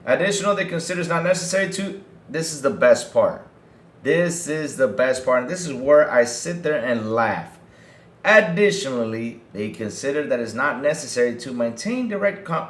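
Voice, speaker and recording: Animated, mocking man in an echoey room. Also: medium pitch. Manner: animated, mocking, swears, addresses chat. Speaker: podcast host. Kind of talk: casual gaming news commentary.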